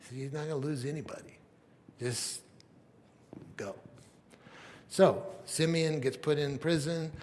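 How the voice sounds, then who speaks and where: A man's voice: fairly high pitch, fairly even intonation, normal speed, pauses often, a little mellow, in a large hall, slight background noise. A man preaching a sermon as pastor, retelling a Bible story in a casual, conversational way. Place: church sanctuary.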